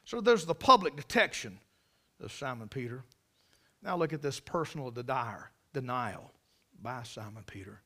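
A man's voice: mid-range voice, expressive, normal speed, pushed and bright. A man with a Carolina Southern accent preaching a folksy sermon to a church congregation, telling stories with emphatic asides. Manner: drawling, storytelling, emphatic asides. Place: church service.

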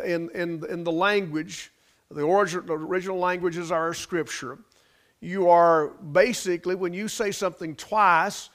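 A man preaching a sermon as pastor, building emphasis through repetition and sometimes dropping into folksy grammar. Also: high-pitched.

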